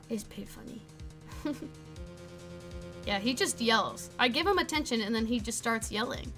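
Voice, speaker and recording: A woman's voice: fairly high pitch, expressive, moderate pace, pauses often, over music. A young woman streaming from home, chatting casually and teasing her cat in a playful way. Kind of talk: casual live-stream chat.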